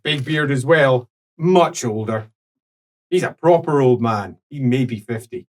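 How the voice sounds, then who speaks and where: A man narrating a tabletop game as game master, animated and often laughing. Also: mid-range voice, unhurried. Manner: animated, laughing, hesitant fillers.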